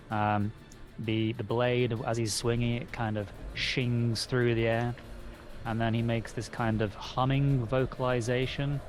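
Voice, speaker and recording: A man narrates his character's moves in a tabletop game. He often stops and restarts with fillers. His pitch is middling, and soft music plays in the background. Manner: halting, filler-heavy storytelling. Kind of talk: describing his character's actions.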